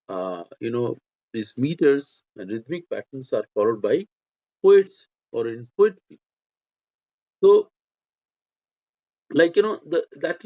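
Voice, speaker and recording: A man's voice: fairly high pitch, darkish tone, highs cut off. A man teaching a lesson, talking hesitantly with many fillers and restarts. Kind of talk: spoken lecture on poetry.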